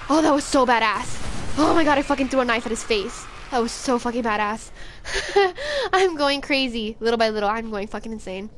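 High-voiced, jittery young woman streamer. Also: brisk, slight background noise. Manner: profane, jittery, excitable. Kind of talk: frantic gameplay commentary.

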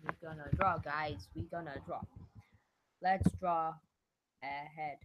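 A young woman with a hoarse, ill voice, chatting casually and self-deprecatingly while she draws. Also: deep voice, steady tone, slow, very noisy. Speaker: vlogger drawing on stream. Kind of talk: casual solo commentary while drawing.

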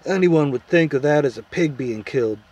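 A man's voice: fairly high pitch, lively intonation, brisk, darkish tone, husky, voice pushed up. A man voicing a gloomy male marsh creature who speaks in a blunt, grumbling, folksy way. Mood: gruff.

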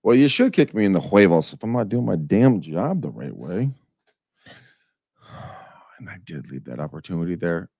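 A low-voiced man whose pitch jumps all over as he jokes and swears his way through live cold calls. The sound is close and dry, with no room around it. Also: moderate pace, gravelly, long pauses, breathy edge, dry recording, highs cut off. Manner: crude, joking, swings loud when excited. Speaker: real estate agent and show host. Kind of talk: casual live-stream banter while cold calling.

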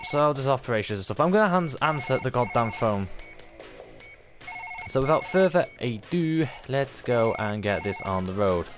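A man streaming a game, chatting casually and rambling, often correcting himself. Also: lowish voice. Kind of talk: casual gameplay commentary.

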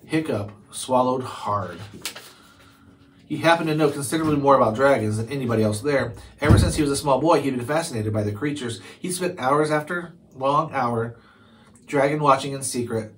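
Man reading a storybook aloud. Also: medium pitch. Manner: casual asides to listeners, occasional stumbles. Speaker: storybook reader. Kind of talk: reading a chapter book aloud.

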